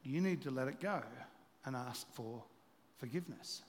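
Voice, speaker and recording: A man preaching a sermon, animated storytelling that drops into quiet, confessional asides. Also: mid-range voice, normal speed, in a large hall, noisy background. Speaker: pastor.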